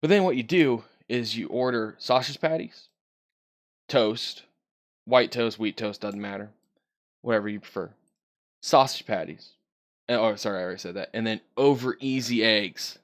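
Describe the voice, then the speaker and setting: A man's voice: fairly low pitch, moderate pace, pauses often. A man co-hosting a casual podcast, easygoing and rambling with lots of fillers. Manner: easygoing, rambling with many fillers, soft laughs. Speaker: podcast co-host. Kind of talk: casual chat.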